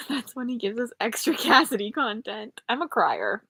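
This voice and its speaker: A woman's voice: fairly high pitch, sing-song, normal speed, creaky, sharp tone, slight background noise. A young woman hosting a late-night livestream, chatting casually with viewers and poking fun at herself. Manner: chatty, self-deprecating, answers chat. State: tired, up late. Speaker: livestream host. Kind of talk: casual live chat.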